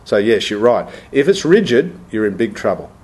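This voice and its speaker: A man's voice: lowish voice, big pitch swings, moderate pace, darkish tone, husky. Man telling meditation stories. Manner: storytelling, acts out quoted voices, repeats words. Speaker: Buddhist meditation teacher. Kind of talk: reflective talk with anecdotes.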